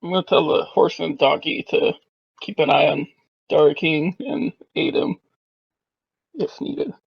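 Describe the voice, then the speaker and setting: A man's voice: on the high side, sing-song, a little slow, creaky, breathy edge, dry recording, dull audio. A laid-back man playing in a tabletop game over voice chat. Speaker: player.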